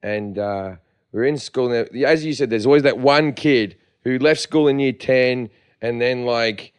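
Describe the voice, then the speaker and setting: An Australian man in casual podcast chat, telling profane, laughing stories at a quick clip. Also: mid-range voice, clear, resonant tone. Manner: fast, profane, laughing storyteller. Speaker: podcast co-host.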